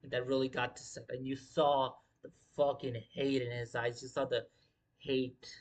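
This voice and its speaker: A man riffing on a wrestling show in a loose livestream, swearing freely and hammering the same point again and again. His pitch sits in an ordinary middle range for a man. The delivery is unscripted and emphatic. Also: little pitch movement, normal speed. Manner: profane, emphatic, repeats himself. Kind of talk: casual livestream commentary.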